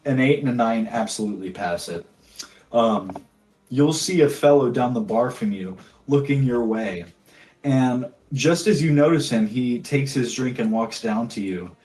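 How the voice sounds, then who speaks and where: A man narrating as dungeon master in a tabletop game, with a relaxed, descriptive manner and frequent fillers. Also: mid-range voice.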